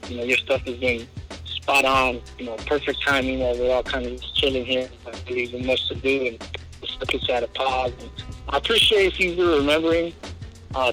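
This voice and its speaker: A middle-aged man, a high school basketball coach from Southern California, telling a story in a casual interview and peppering his speech with "man" and "you know.". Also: sharp tone, poor audio.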